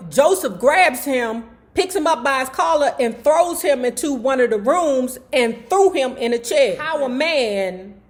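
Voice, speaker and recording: A woman telling a story in casual commentary, with profanity and slang and acting out quotes. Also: a little high. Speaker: YouTube storyteller.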